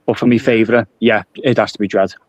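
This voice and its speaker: A man's voice: on the low side, fairly even intonation, fast, a crowd in the background. A young man with a Scouse accent from Liverpool, chatting easily as a new guest, self-deprecating and laughing often. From Liverpool, England. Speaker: guest joining the stream. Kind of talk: casual chat.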